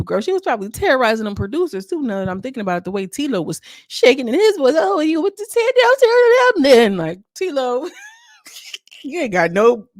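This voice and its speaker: A woman's voice: medium pitch, dry recording, studio quality. A woman hosting a casual recap vlog, reviewing a reality TV episode with chatty, sassy asides.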